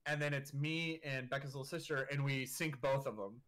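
A man's voice: mid-range voice, fairly even intonation, a little fast, a bit bright. A man in his twenties, a podcast guest telling a story in casual, profane talk full of filler words and laughing through the funny parts.

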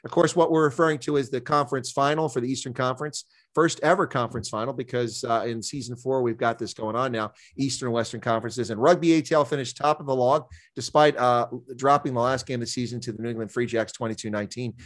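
Guy hosting a rugby chat show, talks fast, keeps repeating words as he thinks. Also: medium pitch, fairly even intonation, a bit bright. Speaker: podcast host. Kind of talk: casual interview chat.

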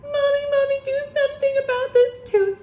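A woman voicing a little boy with a sore loose tooth, squealing high wails in a read-aloud storybook. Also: expressive, moderate pace, echoey room, slight background noise. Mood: wailing.

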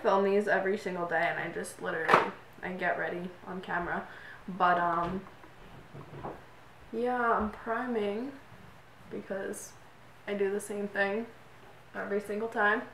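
A woman's voice: mid-range voice, sharp tone. A young woman vlogger chatting casually through her makeup routine, rambling with many fillers, recorded on a camera mic from a distance. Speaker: beauty vlogger. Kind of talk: get-ready-with-me makeup chat. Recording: roomy echo, distant mic, faint noise.

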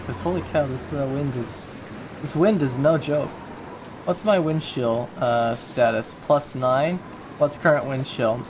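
Talking to himself as he plays, a man offers chatty, joking let's-play commentary for his gaming channel. His voice sits on the high side, and the background is noisy.

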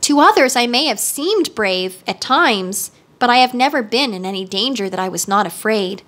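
A woman's voice: on the high side, animated, normal speed, fairly bright tone. Woman voicing a big timid lion, meek and fond, storybook reading.

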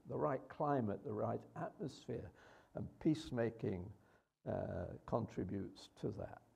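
A man's voice: mid-range voice, vocal fry, warm tone, breathy edge. A man preaching a sermon in a conversational way, with rhetorical questions and hesitations.

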